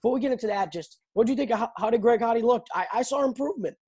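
A young man hosting a casual chat about fights, animated and laughing, often restarting his sentences. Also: very high-pitched, racing, breathy edge, lo-fi sound. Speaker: podcast host.

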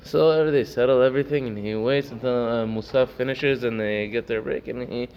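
A man's voice: mid-range voice, fairly even intonation, brisk. A man teaching a casual Torah class, telling stories with lots of fillers and acting out the people in them. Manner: storytelling, acts out characters, many fillers. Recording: dull lo-fi recording with faint noise.

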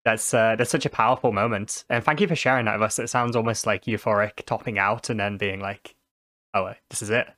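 Male interviewer, quick-talking, lowish voice, dry close sound. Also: fairly even intonation, fairly bright tone, no room sound. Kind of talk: casual interview.

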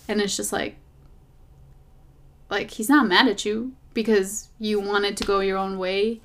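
Podcast host, woman, casual and animated faith talk, drifts off topic, phone memo sound. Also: medium pitch, normal speed. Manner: rambling and animated, drifting off topic, lots of fillers.

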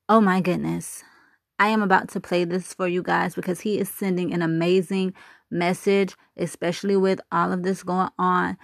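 A woman's voice: fairly low pitch, vocal fry, dry recording, clean studio sound. A woman vlogger introducing a video she loves, in a gushing, enthusiastic way. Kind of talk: casual introduction to camera.

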